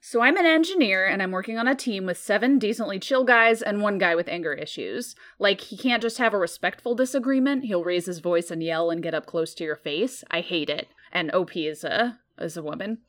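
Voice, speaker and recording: A woman's voice: medium pitch, lively intonation, a little fast, few pauses, fairly bright tone. A woman co-hosting a podcast, reading a forum post aloud with wry amusement. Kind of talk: reading aloud with casual chat.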